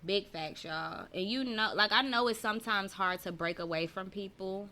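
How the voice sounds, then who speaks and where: A woman's voice: mid-range voice, moderate pace, bright, forceful tone. A woman who teaches, hosting a casual live-streamed podcast chat, talking to viewers, reading out their comments and laughing often. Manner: chatty, reads out viewer comments. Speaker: podcast host. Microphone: personal mic.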